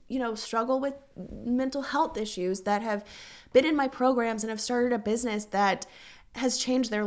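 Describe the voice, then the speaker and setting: A young adult woman hosting a podcast, talking casually and earnestly, with fillers and a voice that keeps cracking. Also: fairly high pitch. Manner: earnest, chatty, encouraging, with frequent fillers. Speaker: podcast host and business coach. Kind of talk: casual solo podcast talk.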